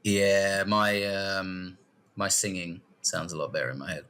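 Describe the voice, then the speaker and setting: A man's voice: sits low, a little slow, pushed and bright, clear, resonant tone. A man co-hosting a comedy podcast, chatting casually with dry one-line quips and frequent laughter. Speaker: podcast co-host.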